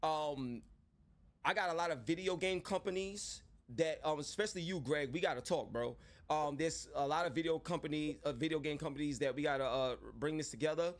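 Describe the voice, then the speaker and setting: A man hosting an interview in a fairly high voice. He talks with casual street energy, calling his guests bro and pushing the conversation forward. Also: fairly quick. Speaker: host.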